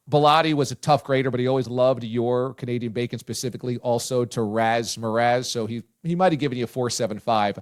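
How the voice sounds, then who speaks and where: A male show host interviewing a guest, loud and excitable, sometimes shouting his praise. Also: medium pitch. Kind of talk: casual interview chat.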